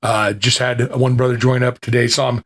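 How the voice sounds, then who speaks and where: A man's voice: mid-range voice, little pitch movement, normal speed, fairly bright tone. Rambling man, homespun podcast host. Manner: rambling and self-deprecating, with restarts. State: recovering voice. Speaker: podcast host reading sermons aloud. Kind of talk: casual chat, then plain reading aloud.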